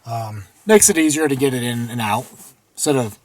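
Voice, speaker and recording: A man's voice: mid-range voice, normal speed, no echo. A man in casual chat, adding short, easygoing remarks while helping out at a cabin.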